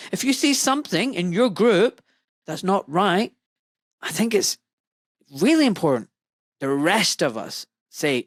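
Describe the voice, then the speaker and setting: A man from Scotland who is a doctor, hosting a podcast in a blunt, animated way, full of asides and quoted voices. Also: sits high, no echo. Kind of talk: casual opinionated podcast talk.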